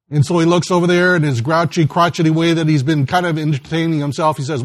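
A man's voice: fairly high pitch, quick pace, few pauses, no room sound. A man preaching a sermon in a folksy storytelling way, acting out the voices in a joke. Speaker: pastor.

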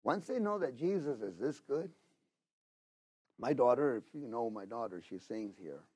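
A middle-aged man preaching a sermon, talking straight to the congregation and swinging between loud exhortation and hushed asides. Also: mid-range voice, expressive, moderate pace, husky. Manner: talks to the congregation directly, with frequent "you know?" and "okay?".

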